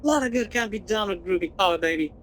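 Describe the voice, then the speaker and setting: A man's voice: high voice, expressive, fast talker, fairly bright tone, a little hiss or hum, low-quality recording. A woman doing a laid-back beatnik guy. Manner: smooth hipster slang, calls people baby. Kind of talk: reading game dialogue aloud in a put-on voice.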